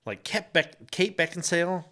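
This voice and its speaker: Guy telling a funny story to friends, animated, laughs a lot, acts out the quotes. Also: high-pitched, normal speed. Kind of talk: casual chat, storytelling.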